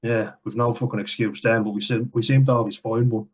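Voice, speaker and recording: A man's voice: fairly low pitch, level tone, brisk, breathy edge, low-quality recording. An Irish man giving a heated, blunt vlog rant at home, swearing often. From Ireland. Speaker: commentator. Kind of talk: ranting vlog commentary. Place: at home, indoors.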